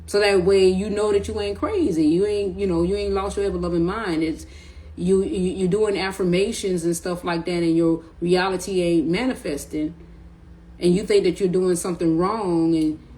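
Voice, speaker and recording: A woman's voice: fairly low pitch, a little mellow, rough recording. A middle-aged woman talking casually to camera about spiritual awareness, in a loose, slangy, rambling way, often repeating her words. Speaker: spiritual vlogger.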